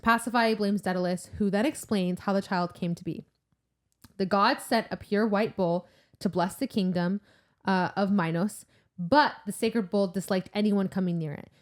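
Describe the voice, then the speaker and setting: A woman's voice: medium pitch, steady tone, normal speed. Young woman, podcast co-host, casual book chat, plot recap full of "like" and laughs. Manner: retells the plot in a chatty, laughing way with lots of "like".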